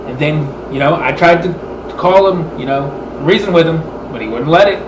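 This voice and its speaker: A man's voice: on the high side, moderate pace. A man telling an angry story about a clash with his manager, acting out both sides of the argument and swearing often. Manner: animated, swearing, replays arguments in quoted dialogue. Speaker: vlogger. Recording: echoey room with background hum.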